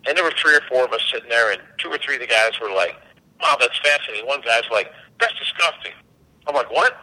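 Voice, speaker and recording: A man, a company CEO and podcast guest, telling animated anecdotes and acting out the dialogue. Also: mid-range voice, very fast, low-quality recording. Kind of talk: casual storytelling.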